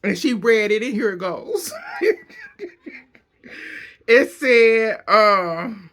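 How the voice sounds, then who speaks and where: A man casually recapping a reality show, gossipy and quick to laugh. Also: high-pitched, expressive, fairly bright tone. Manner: laughs often, loose and gossipy.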